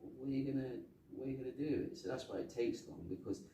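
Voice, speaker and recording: A man co-hosting a casual film review podcast, excitable and quick to jump into quoted movie lines. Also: mid-range voice. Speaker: podcast co-host. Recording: roomy echo, far from mic.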